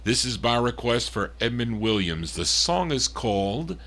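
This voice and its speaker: A man hosting a record show, introducing songs and reading out listener requests in a chatty, relaxed way with the odd chuckle. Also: mid-range voice, measured pace. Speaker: radio-style record show host. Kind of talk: casual disc jockey patter.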